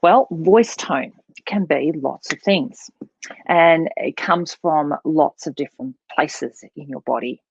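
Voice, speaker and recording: A woman's voice: sits low, takes it slowly, gravelly, slightly rough, dry recording, highs cut off. A woman who coaches voice and public speaking, explaining as an interview guest and showing voices as she talks. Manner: expressive, demonstrates voices while explaining.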